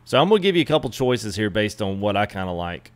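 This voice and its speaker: A man's voice: lowish voice, sing-song, fast. A man chatting casually with live viewers while customizing a truck in a game, greeting them by name. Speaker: streamer. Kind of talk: live gameplay stream chat.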